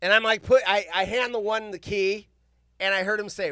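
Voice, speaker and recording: A man hosting a live stream from his home office, telling a story to his chat in a casual, animated, self-mocking way and acting out other people's lines. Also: sits high, moderate pace, no room sound, clean studio sound.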